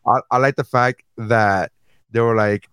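A man's voice: mid-range voice, fairly even intonation, a little slow, fairly bright tone, clear, resonant tone, no room sound. A man co-hosting a casual podcast, giving profane, joking commentary while watching a video. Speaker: podcast co-host. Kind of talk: casual chat reacting to a video.

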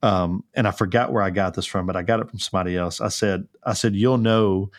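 A man's voice: low voice, fairly even intonation, brisk, dry recording, studio quality. A man co-hosting a podcast, talking earnestly and fervently, with many restarts and fillers. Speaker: podcast co-host. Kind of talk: casual conversational podcast.

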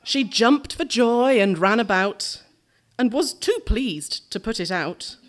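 A woman reads verse aloud on stage, taking it slow and lingering on the words. Her voice climbs and falls with lively expression, and she keeps a playful, laughing edge. It sits a touch high. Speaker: performer reading a verse story. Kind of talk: live dramatic verse reading with jokey asides. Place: small theatre stage, live.

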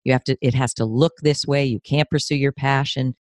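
A woman's voice: fairly quick, no room sound, studio quality. A woman in her fifties from New York State, a therapist and career coach, talking candidly and with feeling in an interview. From New York State, USA. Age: 50s. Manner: emotional, expressive, pitch rises when moved.

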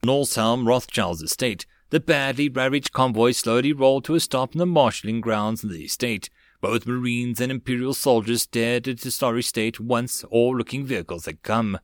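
A man reads a web novel aloud as an audiobook narrator, steady and even. His voice sits in a middle register and is recorded dry and close, with no room echo. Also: mid-range voice, normal speed, hardly any pauses.

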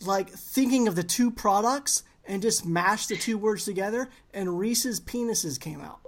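A woman co-hosting a relaxed podcast, animated and quick to laugh. Her voice sits at an ordinary middle pitch. She tells stories in a loose, chatty way. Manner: animated storyteller, laughs often. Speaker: podcast co-host. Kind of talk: casual chat.

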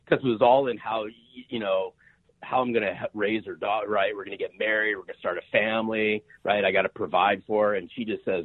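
A man's voice: sits low, normal speed, no echo. A man in his fifties, a sales author and podcast guest, talking emphatically and often asking "right?". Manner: emphatic, repeats words, asks "right?" often. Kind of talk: energetic interview talk. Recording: tinny phone-line sound.

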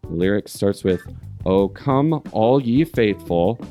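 Teasing man hosting with a lively, lowish voice. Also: takes it slowly, faint music behind. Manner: teasing, mock-stern quizmaster. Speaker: podcast host running a lyric quiz. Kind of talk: playful podcast banter.

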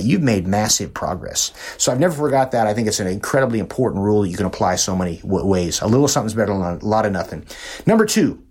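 A man's voice: mid-range voice, breathy edge. A middle-aged man hosting a podcast, telling folksy motivational stories and often repeating words as he goes. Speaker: podcast host. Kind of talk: motivational storytelling.

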